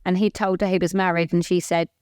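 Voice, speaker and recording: A woman's voice: lowish voice, flat delivery, quick pace, darkish tone, clear, resonant tone, no room sound, studio quality. A woman co-hosting a podcast, reading a listener's letter aloud and getting emotional. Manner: emotional, voice catching at times. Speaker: podcast co-host.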